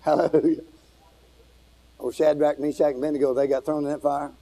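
A man preaching a fiery revival sermon to a congregation, shouting and calling for responses. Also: fairly high pitch, level tone, brisk, rough recording. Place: church with congregation.

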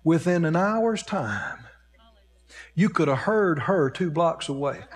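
A man's voice: fairly high pitch, very animated, takes it slowly, slight background noise. A man preaching a sermon, telling a story and acting out the voices of the people in it. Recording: long hall reverb.

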